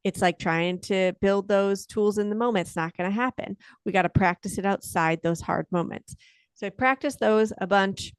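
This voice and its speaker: A woman speaking as a parenting expert guest on a podcast, lively and acting out the things parents might say. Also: mid-range voice, normal speed, clean tone, no room sound, studio quality. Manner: animated, acts out quoted lines. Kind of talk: conversational interview. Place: podcast interview.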